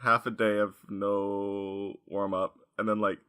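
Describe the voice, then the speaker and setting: Easygoing young man, low bright voice. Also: little pitch movement, takes it slowly, smooth. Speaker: podcast guest. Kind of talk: casual chat.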